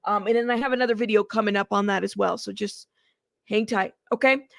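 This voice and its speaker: A woman hosting a casual reaction commentary, chatty and animated, talking straight to her viewers and laughing often. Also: mid-range voice, brisk, vocal fry, dry recording, studio quality. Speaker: host of a commentary channel.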